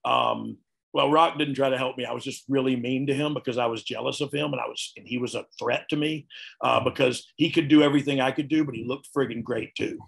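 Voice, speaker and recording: Gravelly man, candid and folksy. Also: medium pitch, steady tone, a little fast. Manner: earnest, folksy, frequent "you know what I mean". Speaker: guest, retired wrestler. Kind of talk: candid interview talk.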